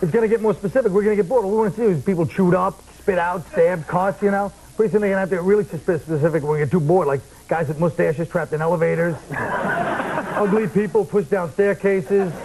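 A man's voice: high voice, a little fast, poor audio. Wry, riffing male comedian. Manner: wry deadpan riffing, mock-serious asides. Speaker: comedian guest. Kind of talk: talk show banter. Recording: old broadcast tape with faint hiss.

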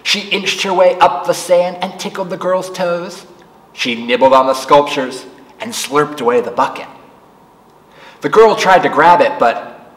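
A man leads a children's storytime, reading slowly with a pitch that rises and falls a great deal. His voice comes from a little way off the mic in an echoey room with a long tail of reverb. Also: recorded from a distance. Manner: slow, animated read-aloud voice for children. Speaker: children's librarian reading aloud. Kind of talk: storytime read-aloud. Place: library room.

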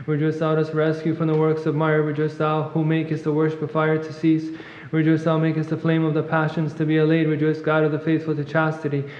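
A man reading a long liturgical hymn in rapid chant at a monastery service, clearing his throat now and then. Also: on the high side. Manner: fast monotone recitation, clears throat at times. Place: church. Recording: echoey church, long reverb, muffled.

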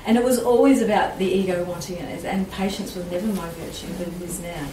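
A woman's voice: on the low side, steady tone, brisk, warm tone. A woman taking part in a gathering, sharing something personal in a frank and wry way and laughing at herself. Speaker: participant at a gathering. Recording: distant, echoey, noisy room.

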